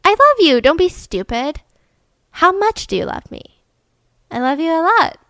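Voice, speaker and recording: A woman voicing a frightened, confused fourteen-year-old girl, pleading and disbelieving in a high voice. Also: big pitch swings, moderate pace, creaky, sharp tone, no room sound, studio quality, exaggerated voice.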